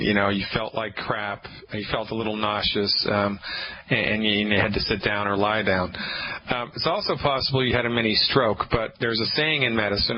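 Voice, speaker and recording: Folksy radio doctor, lo-fi broadcast. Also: male voice, fairly low pitch, slight background noise. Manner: folksy, jokey, advice-giving. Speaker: radio show host, doctor. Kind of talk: call-in health radio talk. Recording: dull lo-fi radio recording.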